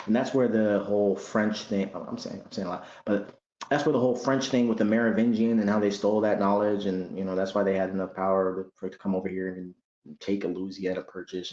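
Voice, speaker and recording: A man giving a casual religious commentary monologue, animated and talking in rough slang, often repeating words as he goes. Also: low-pitched, roomy sound, lo-fi sound.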